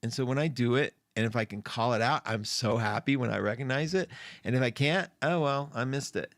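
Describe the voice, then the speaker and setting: A man's voice: medium pitch, fairly quick, a bit bright, no room sound, studio quality. Chatty effusive male live-stream host. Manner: chatty, effusive, emotional, greeting viewers by name. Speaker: astrology show host. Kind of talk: live stream chat with viewers. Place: indoor room. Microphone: studio mic.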